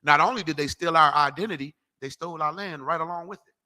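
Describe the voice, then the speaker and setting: A man preaches in a loose, animated street style, driving each point home. His voice sits fairly high for a man and rings bright and forceful. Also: fast talker. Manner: animated, slangy, emphatic, calls for scripture readings. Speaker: street preacher teaching a class. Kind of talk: preaching lecture.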